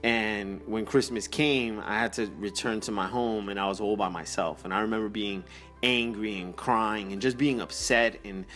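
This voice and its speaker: A man telling a personal faith testimony, halting with fillers, then building into a fervent exhortation. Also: on the low side, steady tone, a bit bright, faint music behind. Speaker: motivational speaker.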